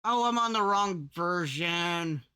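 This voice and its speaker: A man's voice: high-pitched, expressive, slow, clean tone. A man casually walking through his audio recording setup in a rambling screen-recorded tutorial, restarting sentences as he goes. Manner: rambling, restarts often, demonstrates his loudness levels. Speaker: content creator explaining audio setup.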